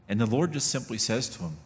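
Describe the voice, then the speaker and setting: Man, pastor, sermon, folksy asides, lively rising and falling voice, long church reverb. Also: medium pitch. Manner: folksy, conversational preaching with many asides. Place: church sanctuary.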